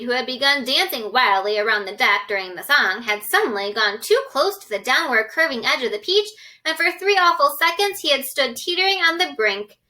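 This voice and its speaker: Bright-voiced woman reading a storybook aloud. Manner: expressive, lifts pitch for characters' shouts. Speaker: storybook reader. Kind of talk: children's book read-aloud with character voices.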